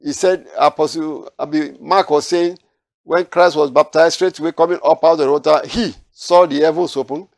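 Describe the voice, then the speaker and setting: A man's voice: a little high, fairly even intonation, moderate pace, gravelly, darkish tone, no echo, studio quality. A man teaching a Bible study, reading verses aloud and then explaining them, with frequent restarts.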